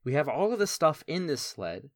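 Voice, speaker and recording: A man's voice: a little high, sing-song, moderate pace, no echo, studio quality. A man narrating as game master in a tabletop game, in a casual rambling way.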